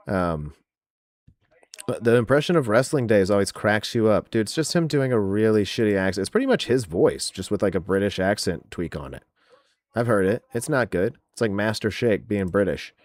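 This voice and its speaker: A man's voice: on the low side, dry recording. A man hosting a podcast in casual chat, mocking and profane as he trash-talks and reads out viewer comments. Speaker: podcast host.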